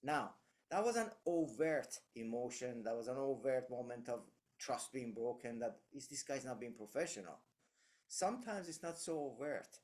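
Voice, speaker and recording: A man's voice: mid-range voice, expressive, normal speed, darkish tone. A man giving leadership advice in casual conversation, reflective and anecdotal, with frequent fillers and restarts.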